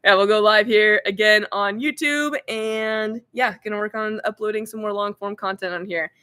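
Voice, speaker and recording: A giggly, chatty woman hosting a casual livestream as a ventriloquist. She trades banter with her puppet in an easy, relaxed way. Her voice is bright and sits at a middle pitch. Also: normal speed, clean tone.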